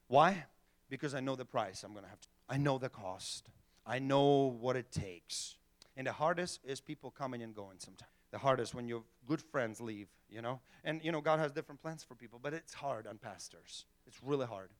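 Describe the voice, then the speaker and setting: A middle-aged male pastor preaching a sermon in an animated way, acting out little voices and laughing often. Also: fairly high pitch, moderate pace.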